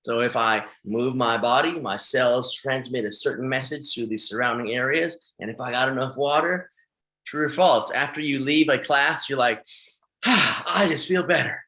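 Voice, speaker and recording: A man's voice: medium pitch, normal speed. A man teaching in a webinar as a fitness instructor, talking with energy and often checking in with his listeners. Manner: energetic, keeps checking in with "right?" and "okay?". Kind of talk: webinar lecture. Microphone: webinar microphone.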